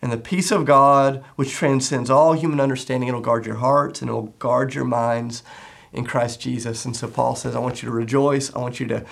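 Middle-aged male pastor, gravelly mid-pitched voice, earnest conversational sermon delivery. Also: fairly even intonation, normal speed. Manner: earnest, conversational preaching with repeated phrases.

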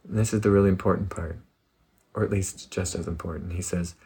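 A man giving a casual spiritual talk in an animated, playful way, often laughing. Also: sits low, brisk, slightly rough. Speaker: spiritual speaker.

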